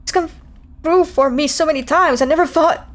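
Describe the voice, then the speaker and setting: A woman's voice: sits high, moderate pace, pitched above the performer's own voice, close to an everyday voice. A woman reading a worried male spacefarer. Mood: concerned. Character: concerned male spacefarer with a scarred arm.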